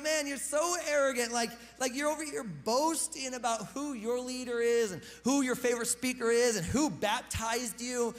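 A man preaching a sermon in a relaxed, conversational way, with slang and joking asides. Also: very high-pitched, in a large hall. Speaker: pastor.

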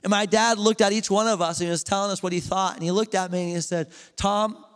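A young adult man preaching a sermon as pastor, telling the story in a casual, animated way with slang. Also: sits high, quick pace, clean tone. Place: church. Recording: long reverb of a church hall.

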